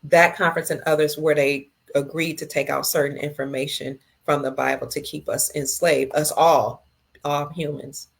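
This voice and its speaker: This middle-aged livestream host has a low, gravelly, husky voice and a flat delivery. She reads comments from viewers out loud, responding to each one slowly and with tenderness.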